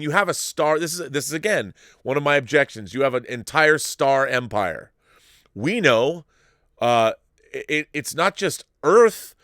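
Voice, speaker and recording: A man's voice: on the high side, no echo, studio quality. Rambling man hosting a live chat show. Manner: rambling and animated, with frequent restarts and laughs. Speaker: show host reading viewer super chats. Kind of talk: casual live-stream commentary.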